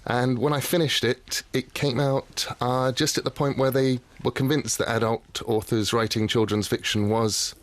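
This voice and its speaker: A man's voice: medium pitch, steady tone, moderate pace, few pauses, no echo. A man guesting on a radio interview as an author, telling stories in a dry, wry way in a studio.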